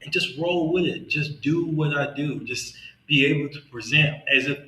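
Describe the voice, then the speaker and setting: A man's voice: a little high, moderate pace, sharp tone, reverberant, poor audio. A man from Mississippi with a Southern accent and a slight lisp, hosting a podcast in earnest, motivational casual conversation. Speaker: podcast host.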